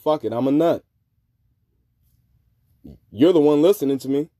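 A man hosting a podcast, talking in a rambling, profane monologue that swings between low mutters and loud outbursts. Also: moderate pace, no echo, studio quality. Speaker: podcast host. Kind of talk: casual monologue.

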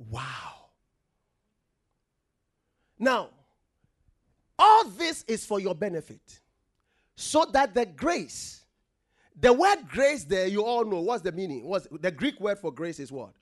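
High-voiced, lively preacher man. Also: takes it slowly, pauses often. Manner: emphatic, asks the congregation questions and has them repeat words. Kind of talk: sermon.

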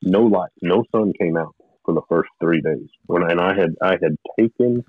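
A man with a very low voice tells his story as a guest, halting and rambling but earnest. He comes through a narrow, phone-like line. The sound is dry and close, with no room around it. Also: no echo. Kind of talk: personal testimony in conversation.

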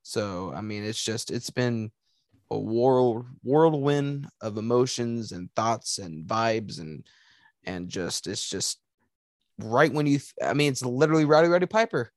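A man's voice: mid-range voice, expressive, measured pace, no room sound, clean studio sound. A young man co-hosting a podcast in casual chat, joking around and swearing, often trailing off. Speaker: podcast co-host.

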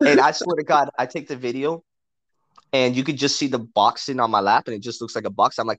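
A man's voice: medium pitch, fast, dry recording. Profane, laughing storyteller man. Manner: profane, animated, laughs often. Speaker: podcast co-host telling a story. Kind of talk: crude casual storytelling.

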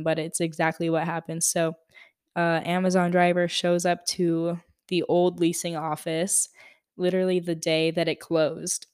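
Young woman podcasting, kinda low voice, smooth and dry, rambling annoyed story. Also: darkish tone, no room sound. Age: young adult. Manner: chatty, exasperated, lots of "like". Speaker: podcast host. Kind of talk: casual storytelling monologue.

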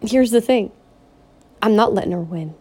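A woman vlogger ranting in a raw, personal way. Her voice sits at an ordinary middle pitch, and she pleads again and again, stumbling into restarts as she presses her point. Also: expressive, dark tone, husky. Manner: pleading, repetitive and upset, with halting restarts. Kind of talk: emotional personal vlog rant.

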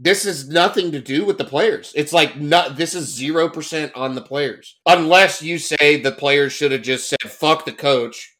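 A man's voice: on the high side, measured pace, pushed and bright. A man in casual sports talk, speaking bluntly with swearing.

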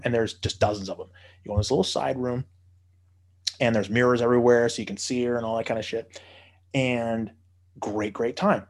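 A man's voice: medium pitch, darkish tone. A man telling a long story in casual podcast chat, profane and rambling with many fillers.

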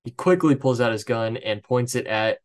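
A man's voice: mid-range voice, moderate pace. A man hosting a podcast, recapping a film plot from his notes in a casual, chatty way, with swearing and joking asides. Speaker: podcast host. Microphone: headset.

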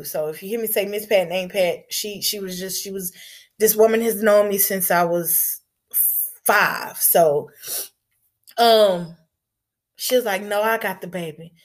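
A woman telling a personal story to an audience in a casual, blunt way, halting and repeating her words, with a touch of swearing. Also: mid-range voice.

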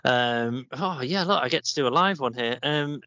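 A man's voice: medium pitch, normal speed, sharp tone, no echo. A man co-hosting a casual podcast, reading thank-yous with cheeky banter. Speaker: podcast co-host. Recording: dry, dull lo-fi remote recording.

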